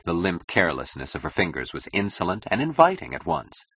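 A man narrating a novel in a measured, expressive reading. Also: low voice, breathy edge. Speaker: audiobook narrator.

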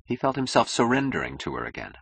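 A man narrating a novel in a measured, expressive reading. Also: mid-range voice, vocal fry, husky, no room sound. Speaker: audiobook narrator.

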